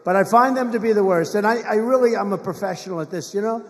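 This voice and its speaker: His voice sits high and moves at a quick pace. As a political candidate at a large rally, this man rambles, brags, and mocks, tossing out repetitive asides to the audience while the hall's long reverb trails behind him.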